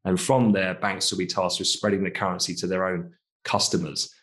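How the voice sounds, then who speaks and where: A man co-hosting a finance podcast, talking in a relaxed, chatty way and asking tag questions like "isn't it?". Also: low voice, brisk. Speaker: co-host, markets commentator. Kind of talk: casual podcast discussion.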